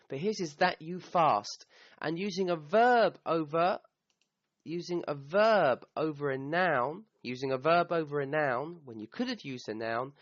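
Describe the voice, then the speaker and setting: A man's voice: on the high side, dry recording. A man teaching a recorded Arabic grammar lesson on Quran verses. He explains step by step and checks in with the listener with "okay?". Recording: slightly dull, dry sound.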